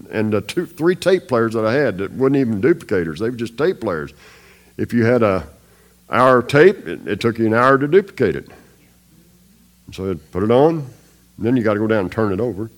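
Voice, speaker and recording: A man preaches a testimony in a fairly low voice. His delivery is folksy and emphatic, and he repeats his points for effect. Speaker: chaplain. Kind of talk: testimony sermon.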